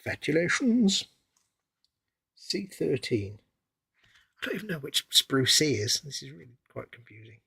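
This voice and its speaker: A man with a husky, slightly breathy voice and an average pitch. He rambles along in a loose, wry, chatty way, co-hosting a relaxed live stream. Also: fast, hardly any pauses. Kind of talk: casual chat while building models.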